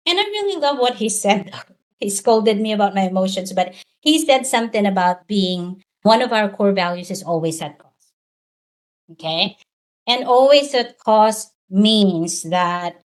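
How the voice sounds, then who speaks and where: Earnest woman giving a motivational talk. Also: mid-range voice. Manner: direct, earnest, asks many rhetorical questions. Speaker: speaker coaching virtual professionals.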